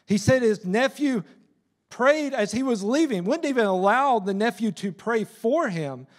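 A man preaching a sermon in a church as a missionary, with an excitable, emphatic delivery. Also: very high voice, measured pace. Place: church sanctuary.

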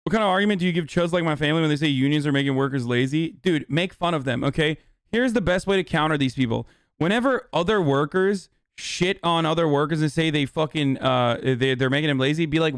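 A man's voice: a little high, quick pace, smooth, no echo, clean studio sound. A young man streaming live, answering chat questions in a casual, heated, profane rant.

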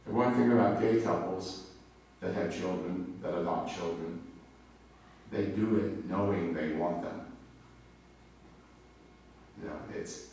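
A man's voice: low-pitched, slow, long pauses, darkish tone. A male pastor preaching a sermon in a conversational, storytelling way, sharing personal anecdotes. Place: church sanctuary. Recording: very echoey hall, mic far off, faint noise.

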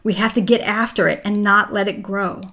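A woman giving scripted documentary narration in a measured, even reading voice. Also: mid-range voice.

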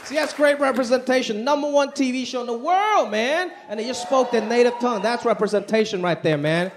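A man's voice: extremely high pitch, brisk. Male stand-up, conversational punchlines, a noisy live theater recording. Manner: conversational, punchy, slips into exaggerated impressions. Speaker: stand-up comedian. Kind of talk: stand-up comedy set. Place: large theater with live audience. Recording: live stage recording with loud crowd. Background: audience laughter and applause.

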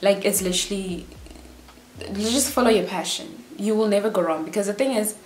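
A South African woman in her twenties giving casual life advice as a vlogger, in a quick, chatty, animated way. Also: mid-range voice, a little hiss or hum. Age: 20s. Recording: roomy echo.

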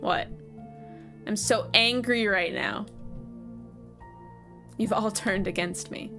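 A woman's voice: medium pitch, takes it slowly, music in the background. A woman reading a goofy pun-loving game dad. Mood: jokey. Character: goofy dad who loves puns.

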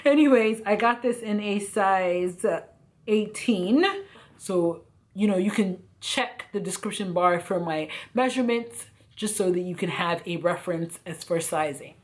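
A woman vlogging a casual clothing try-on haul, chatty and full of fillers, her voice a little hoarse and croaky. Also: medium pitch, measured pace. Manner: chatty, lots of fillers like "you know" and "like". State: slightly hoarse, croaky throat. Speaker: fashion vlogger.

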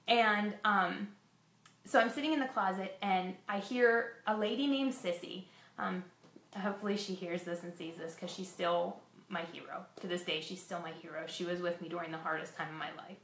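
A woman's voice: medium pitch, a little fast, fairly bright tone, slight background noise. Frank woman telling her story, echoey room. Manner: frank, self-deprecating, emotional retelling. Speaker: fitness vlogger sharing a personal story. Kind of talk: candid personal storytelling.

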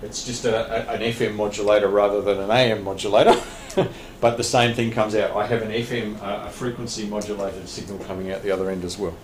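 The instructor, an Australian man, has a lowish, steady voice and moves at a fairly quick clip. He explains radio licence material plainly to his class, often restarting with small laughs. The training room is echoey, and there's a faint hiss.

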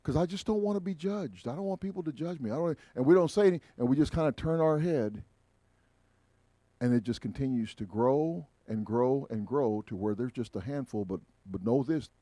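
A man's voice: medium pitch, animated, fairly quick, dry recording. Man preaching, dry and close. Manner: preaching with emphatic rises and quiet asides. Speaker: pastor. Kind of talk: sermon. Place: church sanctuary.

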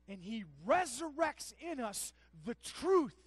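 A pastor delivering a sermon at a middle pitch. The voice drops to a near hush and then climbs to full-throated, impassioned shouting. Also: lively intonation, unhurried, no room sound, low-quality recording. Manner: swings from hushed to shouted, impassioned.

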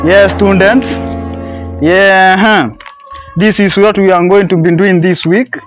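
A man's voice: high voice, fairly even intonation, measured pace, over music. A man playing a strict schoolteacher in a comedy skit, bossy and repeating his orders. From Kenya.

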